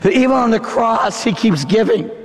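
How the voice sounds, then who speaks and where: A man preaching a dramatic sermon, impassioned, acting out the scene with shouts and gasps. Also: very high voice, lively intonation, moderate pace. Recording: long hall reverb.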